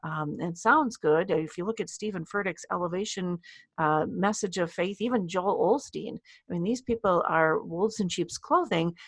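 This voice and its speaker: A woman co-hosting a conversational podcast, who talks casually, laughs easily and reads scripture aloud slowly. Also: on the low side, breathy edge, dry recording. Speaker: podcast co-host. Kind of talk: casual discussion and scripture reading.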